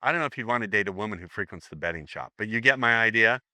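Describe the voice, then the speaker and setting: A man leads a live seminar, rambling and joking as he acts out sample lines. His voice sits a little low but sounds bright and sharp. The recording is dry and close. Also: animated, rapid-fire, dry recording. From United States. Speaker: seminar teacher.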